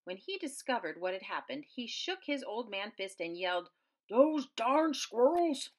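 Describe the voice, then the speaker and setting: A woman reading a children's picture book aloud with very expressive swings in pitch and loudness. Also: moderate pace. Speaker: storyteller.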